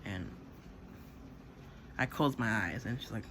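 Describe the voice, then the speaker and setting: A man's voice: fairly low pitch, slow pace, background noise. A man casually telling a personal story, rambling with fillers, swearing and acting out what others said. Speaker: channel host.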